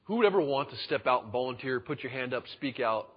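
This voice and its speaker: A man's voice: mid-range voice, expressive, fast talker, husky. A pastor giving a conversational sermon, acting out the people he quotes. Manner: conversational, acts out quoted voices. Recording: dull sound in a reverberant hall.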